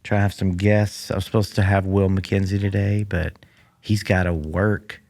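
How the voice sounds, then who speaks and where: Solo comedy host, man with a deep, raspy-fry voice; dry, meandering, filler-heavy. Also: level tone, moderate pace, a little mellow. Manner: rambling, dry, many fillers. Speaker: podcast host. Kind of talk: casual comedic monologue. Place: room in a public library. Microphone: studio mic that picks up the room.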